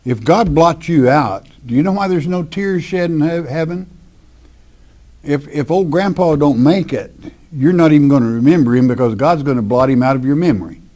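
A man's voice: on the high side, normal speed, mellow. A man preaching a verse-by-verse Bible teaching, reading scripture aloud and explaining it emphatically in plain words with asides.

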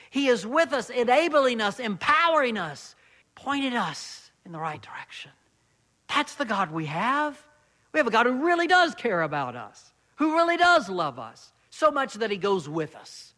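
A man preaching a sermon as pastor, reading scripture slowly and deliberately and growing louder and higher when stirred.

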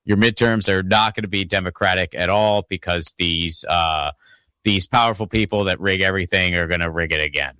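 Rambling, stammering lowish-voiced man. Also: fairly quick, pushed and bright, clean tone, dry recording. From Pittsburgh, Pennsylvania. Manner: rambling, stammering restarts, profane. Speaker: podcast host. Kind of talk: casual political chat.

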